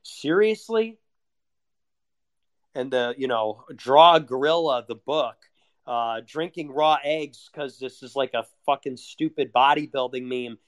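A man's voice: mid-range voice, takes it slowly. A man delivering a heated, sarcastic, profane rant as a solo monologue. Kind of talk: ranting monologue.

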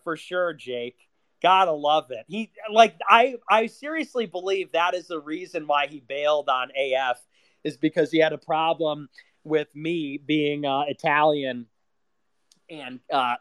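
A man's voice: fairly high pitch, pushed and bright, no echo. A young man from Chicago, a political commentator in a sarcastic, profane solo rant. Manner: sarcastic, profane, rapid-fire.

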